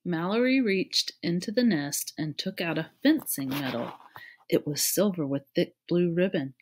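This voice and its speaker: A woman reading a children's novel aloud, narrating in a clear, steady storytelling manner. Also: on the low side, moderate pace. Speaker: reader.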